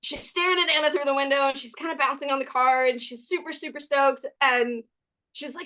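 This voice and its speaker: A woman from California, a podcast guest, telling stories in a lively, casual way, laughing often and saying "like" a lot. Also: high voice, a little fast. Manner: animated, laughs often, many "like" fillers. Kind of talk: casual storytelling chat.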